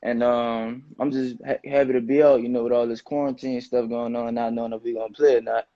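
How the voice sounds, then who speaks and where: A young man in his late teens, a high school football player, answering interview questions in a relaxed, slangy way. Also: fairly quick, dry recording. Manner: relaxed, loose slangy phrasing with many "you know"s. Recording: dull, muffled dry sound.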